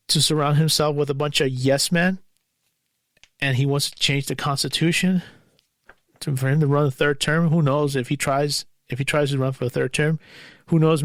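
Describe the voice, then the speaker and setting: A man talks alone into a close, dry mic for his podcast. His voice sits a little high and has a gravelly edge. He sounds anxious and bitter, and he swears freely as he vents. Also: steady tone, moderate pace, no echo. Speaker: podcast host. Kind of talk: solo podcast monologue.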